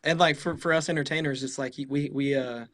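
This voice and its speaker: A man's voice: fairly high pitch, steady tone, a bit bright, no echo. A young man, a musician guest, chatting casually and laughing often. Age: young adult. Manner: eager, quick, laughs often. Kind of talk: casual chat.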